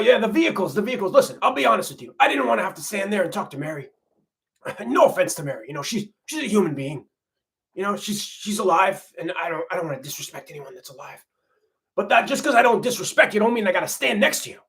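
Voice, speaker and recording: Guy doing a folksy grandma voice pitched up high, rambles on a comedy livestream. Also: fairly bright tone. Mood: gossipy. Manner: rambling, folksy, repeats himself. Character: folksy middle-aged grandmother reality-TV wife, laid-back. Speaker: livestream host.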